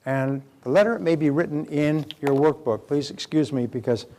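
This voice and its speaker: A man's voice: on the high side, normal speed, darkish tone. An older man giving a live motivational seminar lecture, speaking emphatically and putting rhetorical questions to the audience.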